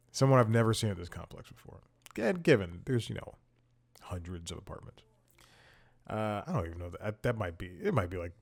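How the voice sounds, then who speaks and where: A man hosting a casual comedy recap show, telling stories in a rambling, self-interrupting way. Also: on the low side. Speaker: host.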